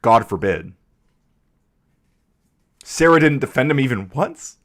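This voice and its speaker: A man's voice: mid-range voice, normal speed. A man hosting a live stream, giving heated, emphatic commentary. He swears freely and often repeats himself as he talks. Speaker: streamer host.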